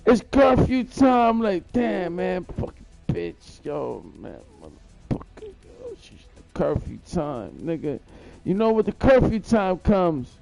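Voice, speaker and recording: A man's voice: high voice, big pitch swings, slow pace, vocal fry, warm tone, no echo, faint music behind. A man rambling through a profane, boastful story in a live-stream monologue, repeating himself as he goes.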